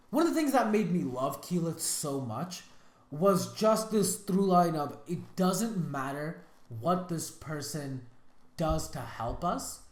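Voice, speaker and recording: A woman hosting a reaction video, talking in casual, exasperated commentary with lots of restarts and slang. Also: low voice. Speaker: reaction channel host. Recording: roomy echo.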